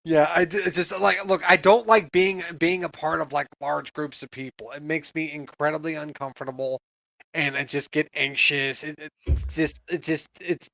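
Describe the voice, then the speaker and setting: A man's voice: a little high, fairly even intonation, normal speed, vocal fry, bright, forceful tone, dry recording, muffled recording. A man co-hosting a podcast in casual chat, blunt, profane and rambling. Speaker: podcast co-host.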